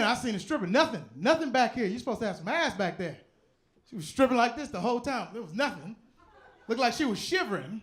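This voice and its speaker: A high-voiced man tells jokes with brash, loud punchlines. He performs his stand-up routine on a comedy club stage. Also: expressive, quick pace.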